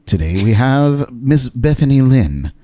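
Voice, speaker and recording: A man doing a slow, soothing mock interviewer. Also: mid-range voice, very animated, dark tone, no room sound. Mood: mock-formal. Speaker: host.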